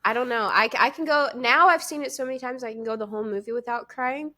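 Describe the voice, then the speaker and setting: A young adult woman co-hosting a podcast and chatting candidly, telling animated stories with bursts of laughter. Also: a little high, quick pace. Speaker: podcast co-host and streamer. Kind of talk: casual podcast chat.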